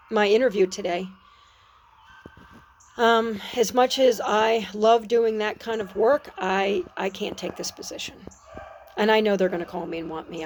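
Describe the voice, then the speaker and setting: A middle-aged woman talking earnestly and reflectively about her faith in a personal vlog, pausing and restarting her sentences, outdoors on a porch. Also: mid-range voice, slight background noise. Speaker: Christian vlogger. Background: birds and dogs outside.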